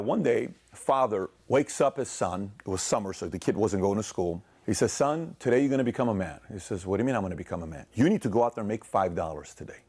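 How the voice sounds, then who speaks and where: Husky man giving an animated speech. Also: mid-range voice. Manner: acts out dialogue in a parable, swinging loud and soft. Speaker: speaker in a played clip. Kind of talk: animated motivational speech with storytelling.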